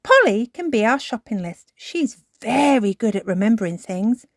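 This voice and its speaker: A woman's voice: on the high side, big pitch swings, normal speed, dry recording, studio quality, voice pushed up. A woman doing a kindly granny pig. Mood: bright. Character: kindly old grandmother pig.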